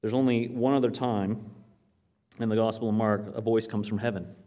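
Preaching a Bible lesson at a moderate pace, this man speaks in a fairly low voice. His sermon is animated storytelling, with scripture read aloud and questions he asks the congregation and then answers.

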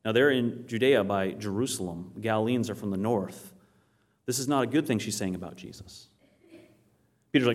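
A man's voice: fairly low pitch, normal speed. A man from Maine with a northern Maine accent, preaching a sermon and telling stories, often asking the audience questions. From Maine, USA. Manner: storytelling, acts out quoted voices, asks the audience questions. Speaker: pastor.

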